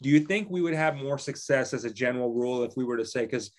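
A man hosting a casual interview, asking long, halting questions full of fillers and restarts. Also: medium pitch. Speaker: interview host.

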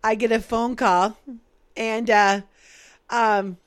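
Woman, business owner, casual animated storyteller, slightly high pitch. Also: slow, smooth. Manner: animated, acts out quoted dialogue.

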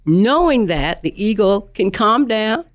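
A woman guest on a talk show, a leadership coach explaining communication styles in an animated, teaching manner. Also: medium pitch, measured pace.

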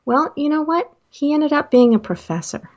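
A middle-aged woman, a life coach, telling stories from her work in a casual talk, acting out the dialogue with excited jumps in pitch. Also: normal speed. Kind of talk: personal storytelling talk. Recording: slightly dull lo-fi audio.

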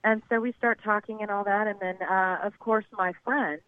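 A woman's voice: mid-range voice, steady tone, moderate pace, dry recording. A young adult woman calling in to a show, telling a rambling story with lots of fillers over the phone. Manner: chatty, rambling with many fillers. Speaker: caller. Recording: tinny phone line.

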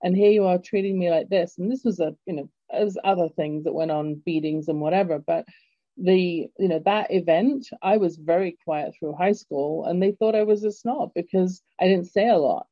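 A middle-aged woman with an English accent hosts an interview and tells her own story in a reflective, unhurried way. Her voice sits low and mellow. The recording sounds dull and dry, with a lo-fi quality. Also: no echo. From England. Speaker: host. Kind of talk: interview conversation.

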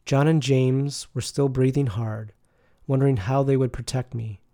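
Gravelly, mellow-voiced male narrator. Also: mid-range voice, steady tone, normal speed. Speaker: audiobook narrator. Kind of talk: calm first-person novel reading.

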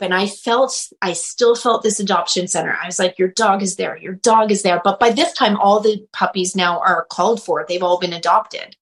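A woman who works as a medium and animal communicator, telling a story in a casual interview and acting out the quotes with big jumps in pitch. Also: a bit bright, rough recording.

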